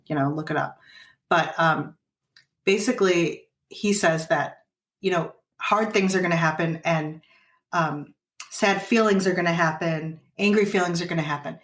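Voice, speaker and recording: Speaking at a moderate pace with fairly even intonation, this deep-voiced woman earnestly explains parenting ideas in a podcast conversation. She also plays out likely exchanges between a parent and a child. The audio is roomy and distant.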